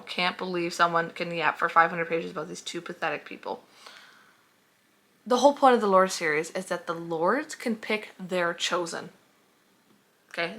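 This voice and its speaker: A woman's voice: on the low side, bright, forceful tone. A young woman reviewing books in a casual vlog, heated and sarcastic, swearing freely as she reacts. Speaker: book reviewer.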